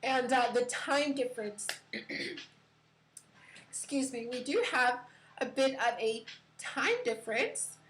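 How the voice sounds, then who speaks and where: A woman's voice: high voice, expressive, takes it slowly, long pauses, a bit bright, a little hiss or hum, poor audio. A woman hosting a casual crypto live stream from her computer, chatty with many fillers and giggles.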